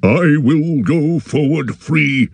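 A man's voice: on the high side, slow pace, vocal fry, husky, no echo, pitched above the performer's own voice, heavily acted. A man reading aloud and voicing a stubborn, proud male dwarf warrior who talks bluntly and defiantly.

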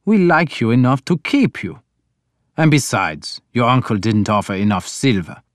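A man voicing a bold, loud Danish warlord who talks bluntly, teasing and threatening in turn. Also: mid-range voice, sing-song, normal speed, dry recording, clean studio sound, lightly acted. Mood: gruff teasing.

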